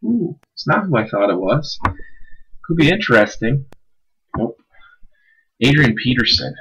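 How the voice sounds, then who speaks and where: A man's voice: mid-range voice, big pitch swings, measured pace, fairly bright tone, husky, dull audio. A man hosting a live-streamed card break, casually calling out each card and who it goes to. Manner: casual, chatty, calls out cards and names.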